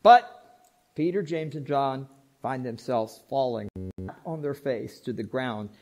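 A man preaching a sermon, dramatic and humorous, swinging from hushed asides to loud excited outbursts as he acts out Bible characters. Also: mid-range voice, unhurried. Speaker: pastor.

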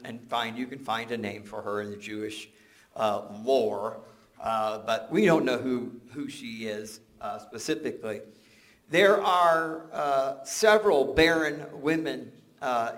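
Older man, pastor giving a sermon; a touch high-pitched, conversational with humor. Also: a bit bright. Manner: conversational and joking, restarts words often.

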